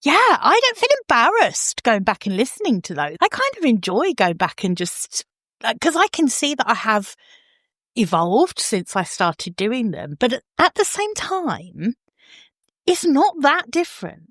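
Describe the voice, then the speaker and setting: A woman's voice: on the high side, big pitch swings, unhurried, no echo, studio quality. Effusive English woman hosting a podcast. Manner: warm, chatty and effusive, laughs often. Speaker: podcast host. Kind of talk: casual podcast chat.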